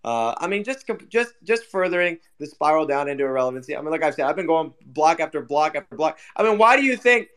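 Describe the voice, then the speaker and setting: A man's voice: on the high side, lively intonation, fast, few pauses, fairly bright tone, clear, resonant tone. A man co-hosting a casual online chat, ranting with heavy swearing and repeated fillers. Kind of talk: casual chat on an audio stream.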